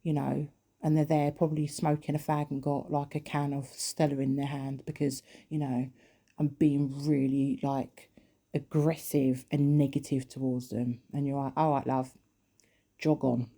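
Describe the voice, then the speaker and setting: Vlogger with a warm, low tone. Exasperated and sarcastic, talking casually. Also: level tone, normal speed. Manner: mimics others in quoted asides. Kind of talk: casual countdown rant.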